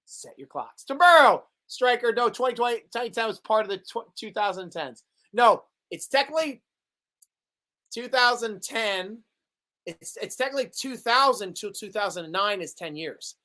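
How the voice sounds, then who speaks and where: A man's voice: high-pitched, lively intonation, moderate pace, pushed and bright. A man hosting a live sports talk stream, chatting casually in a playful, joking way and laughing often. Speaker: sports show host.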